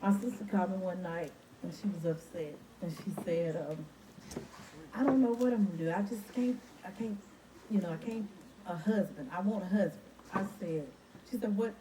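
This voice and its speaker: A woman giving a casual wedding toast who starts out hesitant and then tells a short family story. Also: fairly low pitch. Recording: distant mic, loud crowd and noise. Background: loud crowd of guests.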